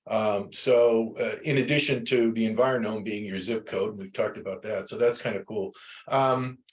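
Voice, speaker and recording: A man's voice: fairly low pitch, steady tone, moderate pace. Rambling man lecturing a class. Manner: rambling, with many fillers and restarts. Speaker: instructor.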